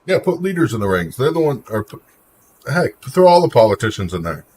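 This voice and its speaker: A man's voice: mid-range voice, sing-song, brisk, a little mellow, slight background noise. A man hosting a live stream, chatting casually and opinionatedly while answering viewer comments by name. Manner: opinionated, talks back to chat by name. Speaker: livestream host. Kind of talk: casual livestream chat reacting to viewer comments.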